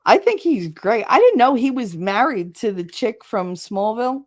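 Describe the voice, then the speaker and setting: A woman's voice: fairly high pitch, very animated, moderate pace. A middle-aged woman hosting a livestream, chatting casually and rambling, often laughing as she reads comments. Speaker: livestream host reading chat. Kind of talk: casual chat.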